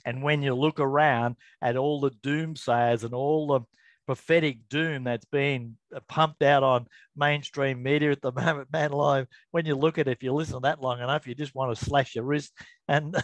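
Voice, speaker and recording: A man's voice: medium pitch, fairly even intonation, dry recording. Earnest chatty man giving a devotional talk. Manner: earnest, chatty, self-interrupting, reads scripture slowly. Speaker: Bible teacher. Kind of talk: informal devotional talk to camera.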